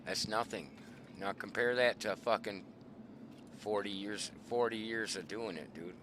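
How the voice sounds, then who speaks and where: Profane, forceful middle-aged man storyteller. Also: lowish voice, measured pace, a little hiss or hum. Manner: profane, animated, swearing often. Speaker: show host. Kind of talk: casual hunting storytelling.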